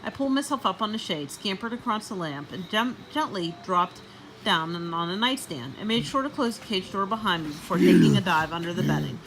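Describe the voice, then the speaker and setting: Expressive woman reading a children's story. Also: on the low side, fairly quick, slight background noise, low-quality recording. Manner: expressive and animated. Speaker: storybook reader. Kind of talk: reading a children's book aloud.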